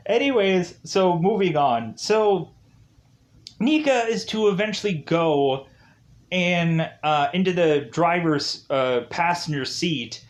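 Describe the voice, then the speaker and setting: Rambling man recapping a game. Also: on the high side. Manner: rambling, heavy use of "like" fillers. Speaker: game reviewer.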